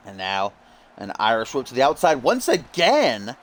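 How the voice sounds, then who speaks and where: A man doing jokey play-by-play commentary over a wrestling video game, bursting into yells at big moves. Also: medium pitch, moderate pace. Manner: jokey, yells in sudden excitement.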